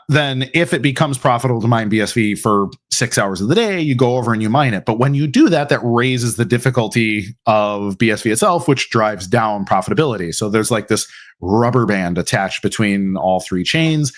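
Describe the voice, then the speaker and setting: A man's voice: medium pitch, animated, moderate pace. A man hosts a live ask-me-anything stream, answering questions off the cuff. He rambles through his points and keeps circling back with fillers and restarts. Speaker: host.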